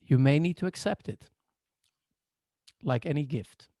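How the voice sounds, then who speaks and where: A man coaching a workshop over a video call, explaining in a playful, animated, joking way. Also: fairly high pitch, unhurried, no room sound, clean studio sound. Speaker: coach and therapist. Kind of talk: online workshop lecture.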